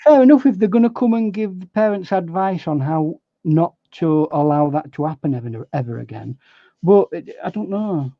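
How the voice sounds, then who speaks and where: A man chatting as a guest on a livestream, giving opinions in a measured, teasing way. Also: fairly high pitch, animated, no echo. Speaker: guest artist. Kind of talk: casual chat. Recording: dull lo-fi dry audio.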